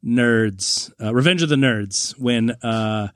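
A man's voice: mid-range voice, slow pace, dry recording, studio quality. A man co-hosting a podcast, chatting casually about movies, rambling, laughing often and acting out lines. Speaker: podcast co-host.

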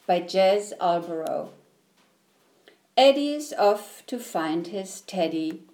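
A woman reading a children's picture book aloud with a slow, rhythmic delivery that follows the rhymes. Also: mid-range voice, animated, darkish tone. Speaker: storyteller.

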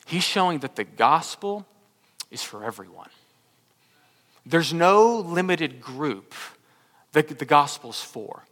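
A pastor from Texas preaches a sermon in a slightly high voice, stumbling and repeating words as he swings between loud emphasis and hushed tones. The recording has a long reverb tail.

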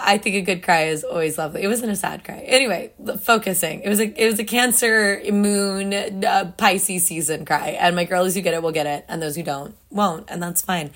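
A woman's voice: mid-range voice, fairly bright tone. A young woman hosting a casual solo morning podcast, chatty and self-deprecating, laughing often, still waking up without her coffee. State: just woke up, no coffee yet. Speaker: podcast host.

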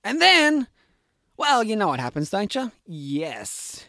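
A young man casually retelling a film plot, rambling and animated, with many "like"s and "you know"s. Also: sits high, slow, gravelly, no echo, studio quality. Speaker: podcast talker recapping films. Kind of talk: casual chat.

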